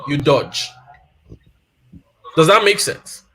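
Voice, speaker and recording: Male guest, 30s-40s, high and very animated delivery, casual storytelling advice. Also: slow, husky. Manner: animated, repeats key points for emphasis. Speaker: guest speaker on family life. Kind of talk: casual advice talk with personal stories.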